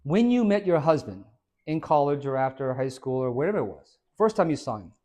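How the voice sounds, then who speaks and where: Man, middle-aged, fitness coach, motivational talk, slightly high voice, jokey storyteller, acts out dialogue. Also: sing-song, a little fast, dark tone. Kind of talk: motivational talk to a small group. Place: hair salon, indoors.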